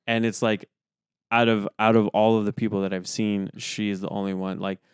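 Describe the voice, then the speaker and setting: Low smooth-voiced casual podcast guy. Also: monotone, moderate pace, dry recording, clean studio sound. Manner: rambling, full of fillers. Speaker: podcast co-host. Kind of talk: casual chat.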